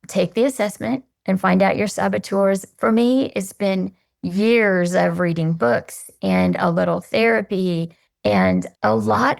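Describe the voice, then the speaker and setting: Gravelly-voiced woman podcast guest. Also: mid-range voice, darkish tone. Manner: earnest, measured, reflective. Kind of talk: reflective interview answers.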